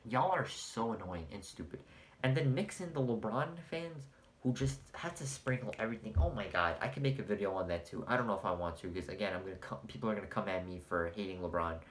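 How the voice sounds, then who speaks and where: A man giving a profane, exasperated sports rant as the host of a vlog, mocking opposing fans and breaking into shouted outbursts. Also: lowish voice, slight background noise. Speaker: sports commentator. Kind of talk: ranting vlog monologue.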